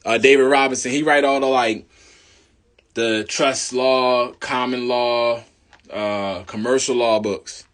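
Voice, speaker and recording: A young man in a casual, slangy monologue, preaching about spirit and law, swinging between loud bursts and low mutters. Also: steady tone, takes it slowly. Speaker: video host.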